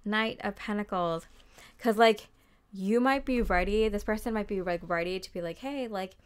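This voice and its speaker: A woman's voice: medium pitch, normal speed, smooth. A young woman giving a casual tarot reading, chatty and full of fillers, often acting out what people might say. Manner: chatty, lots of fillers and quoted voices. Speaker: tarot reader.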